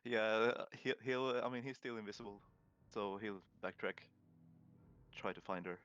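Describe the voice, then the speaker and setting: Man, tabletop player, very low voice, bright tone, casual, laughs easily. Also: normal speed, muffled recording, a little hiss or hum. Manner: relaxed, laughs easily, restarts phrases.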